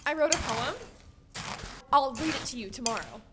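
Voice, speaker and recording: A woman's voice: sits high, moderate pace, noisy background. A woman playing a gloomy, morbid teenage girl who sighs and speaks moodily. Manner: sighing, moody, breathless when excited.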